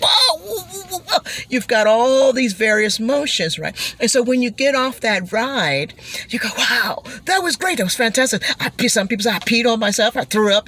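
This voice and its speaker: A woman delivering a motivational talk with a bright, forward tone. She speaks in an animated, expressive way, breaking into acted-out gasps, whoops and shouts. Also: fairly low pitch, slight background noise.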